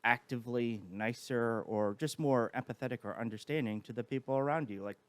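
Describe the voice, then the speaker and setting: A man, a podcast guest, chatting casually and telling animated stories with acted-out quotes. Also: mid-range voice, fairly quick, smooth, dry recording. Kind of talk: casual chat.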